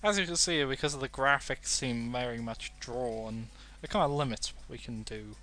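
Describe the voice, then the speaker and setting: A man's voice: medium pitch, normal speed, bright, forceful tone. A young British man casually commentating a game, playful and self-mocking. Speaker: let's play host.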